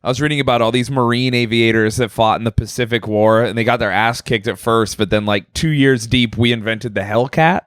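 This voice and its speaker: A young man co-hosts a podcast and talks casually, swearing freely and acting out little scenes as he goes. His voice sits at a middle pitch. The sound is dry and close, with no room around it. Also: a little fast, hardly any pauses, no echo. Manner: profane, animated storytelling with acted-out quotes. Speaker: podcast co-host. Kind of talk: casual chat.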